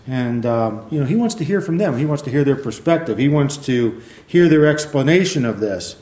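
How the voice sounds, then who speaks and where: A man preaching a sermon in a relaxed, conversational way, with many fillers, who reads passages of scripture aloud. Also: medium pitch, fairly quick. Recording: echoey room.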